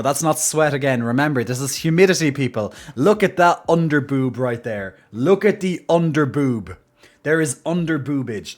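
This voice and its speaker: A man with a mild Irish accent, chatting casually and playfully as a live streamer. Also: medium pitch. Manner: playful and jokey, laughs often. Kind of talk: casual chat.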